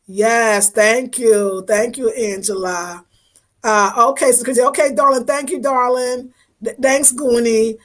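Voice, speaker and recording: A woman running a casual livestream reads viewer comments and thanks people by name, gushing with affection as her voice occasionally wavers with emotion. Her tone is steady and a bit bright, pitched on the high side, and she speaks unhurriedly.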